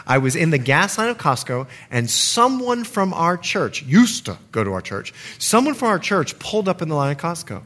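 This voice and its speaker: A middle-aged man preaching a sermon as pastor in a church, telling stories and acting out the people in them. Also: sits high. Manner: animated storytelling with acted-out quotes.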